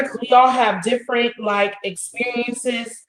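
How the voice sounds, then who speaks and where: A woman's voice: medium pitch, measured pace, fairly bright tone. A woman co-hosting a livestream, chatting loosely and directly to her viewers. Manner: loose, talky, addresses the audience directly. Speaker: livestream co-host. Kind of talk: casual chat to viewers. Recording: roomy echo.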